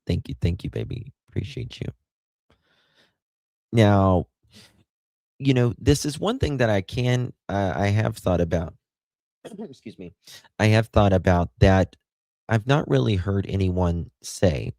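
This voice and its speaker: A man's voice: fairly low pitch, takes it slowly, vocal fry, long pauses, darkish tone, dry recording. A man with an Appalachian accent hosting a live stream, rambling casually and greeting chat viewers by name.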